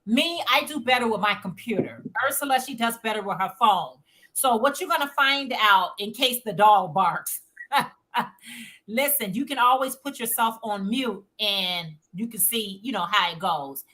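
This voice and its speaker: Woman, livestream host, informal chat, sharp bright tone, slightly high voice. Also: lively intonation, normal speed. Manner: reads chat messages aloud, chatty and informal. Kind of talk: casual chat reading viewer comments.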